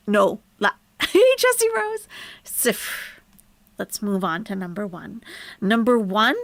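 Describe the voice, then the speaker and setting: A woman's voice: medium pitch, creaky, no room sound. A woman teaching numbers in a live online lesson, patiently repeating words for learners and greeting viewers in the chat. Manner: drops to a soft whisper while fiddling with the screen. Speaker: Arabic teacher on a live stream.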